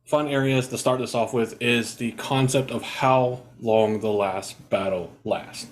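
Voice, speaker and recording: Man, podcast host, casual chat, mid pitch, relaxed and rambling. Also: measured pace. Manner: laid-back, rambling, crude humor.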